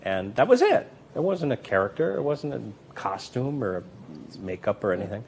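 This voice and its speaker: At a normal speed and with slight background noise, a male magician and comedy performer tells anecdotes in an interview. Animated throughout, he voices the people he quotes, swinging widely in pitch and volume.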